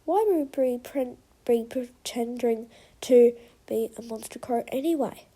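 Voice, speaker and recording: A woman voicing an eager young male pigeon hero, talking in a high, excited way. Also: a little slow, husky.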